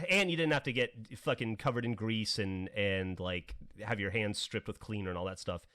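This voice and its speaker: A man's voice: lowish voice, normal speed, a bit bright. A man in his forties telling funny stories on a podcast, swearing and laughing often and acting out the people he quotes. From American South. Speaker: podcast co-host. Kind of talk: casual storytelling.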